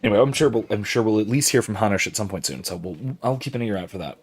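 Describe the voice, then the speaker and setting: A man's voice: fairly low pitch, animated, fast talker, husky. A man hosting a gaming channel, giving casual, professorial explanations while he plays, rambling with many fillers and restarts and reacting to viewer chat.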